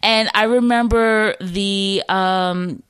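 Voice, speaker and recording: A woman hosting a podcast, chatting casually with a friend, animated and swearing freely. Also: medium pitch, slow, smooth, no echo. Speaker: podcast host. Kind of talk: casual chat.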